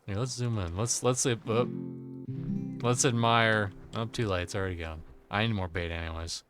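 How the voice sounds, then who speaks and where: A man's voice: fairly low pitch, fairly even intonation, moderate pace, a bit bright, faint music behind. Tipsy joking male game streamer. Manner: joking, crude, talks to chat by name. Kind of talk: casual live-stream chat.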